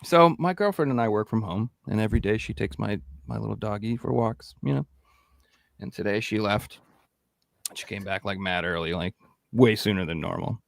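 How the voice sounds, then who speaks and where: A man's voice: lowish voice, moderate pace, gravelly, dry recording. A man hosting a casual podcast, telling stories with plenty of animation and free swearing. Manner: animated storyteller, swears freely. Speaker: podcast host.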